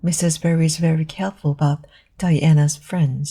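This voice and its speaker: A woman's voice: low-pitched, steady tone, moderate pace, warm tone, slightly rough. A woman voicing a stern, strict farm woman. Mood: firm. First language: Korean. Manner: firm, cross, no-nonsense. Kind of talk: audiobook reading of a novel.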